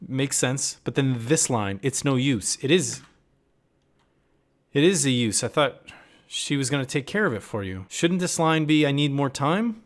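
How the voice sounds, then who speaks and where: A man's voice: medium pitch, expressive, unhurried. A man giving a casual reaction review of a TV episode, critical and puzzled, often reading out lines of dialogue. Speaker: TV series reviewer.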